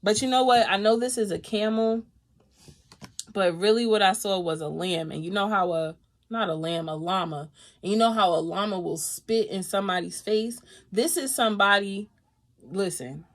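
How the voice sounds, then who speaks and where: A woman doing a live tarot reading, talking in a lively, casual way, swearing freely and laughing often. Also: mid-range voice, normal speed. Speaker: tarot reader.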